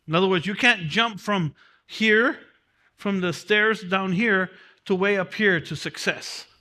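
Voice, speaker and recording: The teacher of a mentoring class gives his motivational lecture with a forceful, bright, high-sitting voice, going a little slowly. He's repetitive and emphatic, hammering home key phrases and speaking from his own prison experience.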